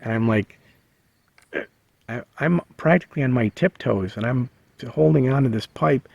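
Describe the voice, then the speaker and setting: A man casually telling a personal story, halting with many fillers and restarts. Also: mid-range voice, vocal fry, darkish tone, dry recording, lo-fi sound. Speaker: vlogger sharing a memory. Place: living in a bus.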